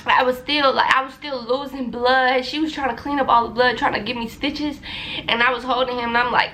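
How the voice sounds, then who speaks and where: A woman's voice: sits high, steady tone, fairly quick, pushed and bright, a little hiss or hum. A young woman telling a personal story to her viewers in a loose, repetitive, chatty way. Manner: talkative, loose, repeats phrases, addresses viewers as y'all. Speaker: vlogger.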